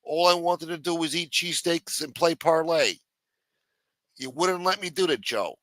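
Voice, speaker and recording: A man's voice: on the high side, moderate pace, fairly bright tone, dry recording, voice pushed up, close to an everyday voice. A man doing a whiny young jailbird. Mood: whining. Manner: whining, pleading, sarcastic. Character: whiny young man, newly jailed, snitching.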